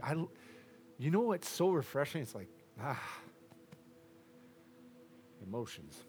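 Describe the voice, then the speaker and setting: A man preaching a sermon to a congregation, loud and boisterous at times and dropping to a near hush at others. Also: medium pitch, big pitch swings, slow.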